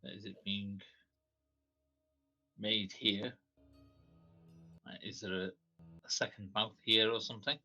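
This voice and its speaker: A man playing a tabletop game, reacting briefly and thinking his guesses out loud. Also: lowish voice, steady tone, slow pace, long pauses, muffled recording. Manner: short reactions and spoken guesses. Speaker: player. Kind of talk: casual game chat. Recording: faint music behind.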